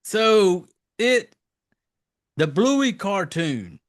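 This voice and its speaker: A man co-hosting a casual podcast, animated and profane, acting out quotes and chiming in with yeahs. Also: high-pitched, very slow. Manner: animated, acts out quotes, affirms with "yeah". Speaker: podcast co-host.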